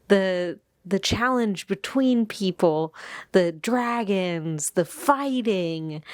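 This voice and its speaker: Young woman book vlogger, rambling casual chat full of fillers, slow pace, dry close sound. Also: medium pitch, no room sound. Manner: chatty, rambling, many fillers and restarts. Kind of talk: casual reading vlog chat. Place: at home, seated in one spot. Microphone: camera set in place.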